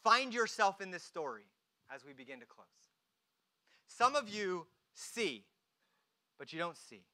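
A preacher delivering a dramatic sermon, swinging between hushed, quiet moments and emphatic, rising lines. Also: medium pitch, big pitch swings, measured pace, pauses often.

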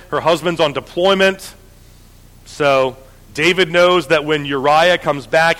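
Preacher man in a reverberant hall. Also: fairly high pitch. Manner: lively storytelling with frequent restarts. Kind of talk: sermon.

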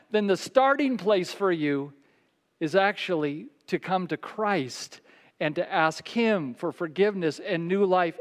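Brief: male pastor, high voice, storytelling sermon, softens for quotes, long hall reverb. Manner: storytelling, drops to soft quiet voice for quoted words.

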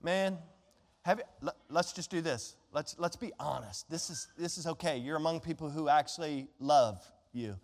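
A man preaching a sermon to a congregation, shifting between impassioned, conversational preaching and quiet pleading. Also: a little high, moderate pace. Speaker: pastor. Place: church sanctuary. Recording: long church reverb.

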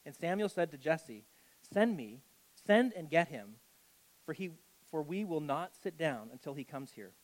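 A man's voice: a little high, big pitch swings, unhurried, low-quality recording. A man preaching as a pastor, reading scripture and breaking off into conversational asides with lots of "like" and "okay".

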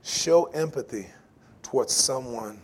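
A man preaching a sermon, animated, laughing often and acting out quoted voices. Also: mid-range voice, measured pace. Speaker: pastor.

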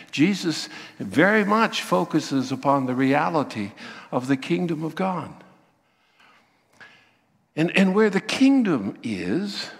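Animated preaching man in a reverberant hall. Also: a little high. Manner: animated preaching, acting out quoted voices. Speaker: pastor. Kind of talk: sermon.

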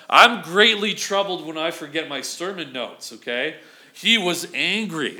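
A pastor preaches a sermon conversationally, frequently checking in with the congregation by asking "okay?" His voice is fairly high, bright and forceful.

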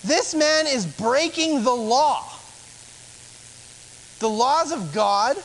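A man's voice: very high-pitched, animated, drawn-out words, a bit bright, slight background noise, poor audio. A man, a pastor, preaching a sermon in a conversational way, asking rhetorical questions.

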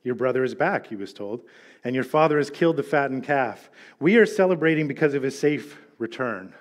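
A middle-aged male pastor giving a sermon, telling a story with animated delivery and acted-out quotes. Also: medium pitch, fairly quick.

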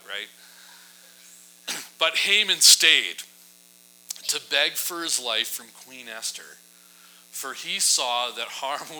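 A man preaching a sermon in a casual, humorous storytelling style, often adding quick asides to his listeners. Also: medium pitch, pushed and bright, low-quality recording. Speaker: pastor.

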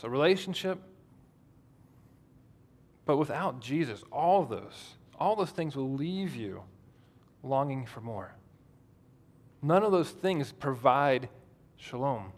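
Man, pastor preaching, casual conversational tone, questions to the congregation, a bit high-pitched. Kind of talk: sermon.

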